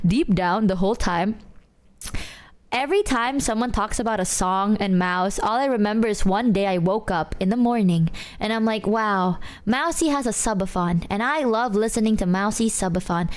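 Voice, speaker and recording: A young woman streamer telling stories casually to her chat, animated, stammering and swearing freely. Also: mid-range voice, normal speed, smooth. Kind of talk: casual reaction-stream storytelling.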